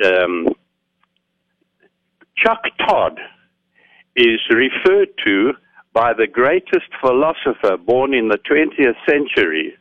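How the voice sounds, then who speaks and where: Lively male radio caller on a muffled line. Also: mid-range voice, slow pace, pauses often, no echo. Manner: animated storyteller, many uhs. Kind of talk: phone-in call.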